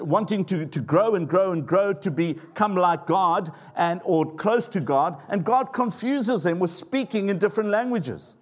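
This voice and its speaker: A middle-aged man preaching a sermon as pastor in a church, earnest and halting, with fillers and repeated words. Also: sits high.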